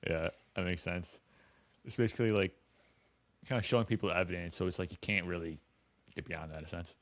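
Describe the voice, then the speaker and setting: A man with a very low voice hosts a casual podcast chat, hedging his phrasing and using lots of fillers. The sound is dry and close. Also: steady tone, fast talker, a bit bright, no echo. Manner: hesitant, many fillers like "like" and "kinda". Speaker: podcast host.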